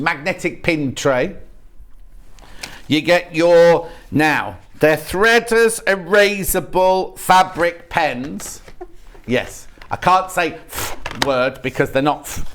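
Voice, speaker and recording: Chatty British shopping channel presenter. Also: male voice, a little high, a bit bright, a little hiss or hum. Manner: chatty, rambling sales patter with restarts. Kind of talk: live TV product demonstration. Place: TV studio.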